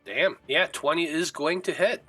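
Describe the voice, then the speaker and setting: A man's voice: fairly high pitch, moderate pace, a bit bright, soft background music, low-quality recording. A man narrating as game master of a tabletop game in a casual, hesitant way with fillers.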